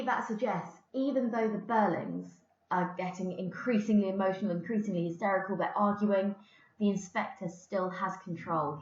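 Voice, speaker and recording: A woman's voice: mid-range voice, a little mellow. A woman English teacher giving a recorded lesson, explaining patiently with the odd filler. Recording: roomy, dull lo-fi recording.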